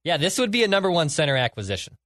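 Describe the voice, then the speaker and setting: A man's voice: on the high side, very animated, rapid-fire, a bit bright, dry recording. A man co-hosting a sports podcast, confident and jokey, backing his picks with stats. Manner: confident, jokey, stat-heavy. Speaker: podcast co-host. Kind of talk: casual sports chat.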